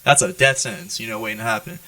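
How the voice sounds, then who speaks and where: An American man, a Marine, telling profane, animated stories as a podcast guest and often checking in with "right?". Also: high-pitched, fast, creaky, no room sound, recorded from a distance, low-quality recording. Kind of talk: storytelling in an interview.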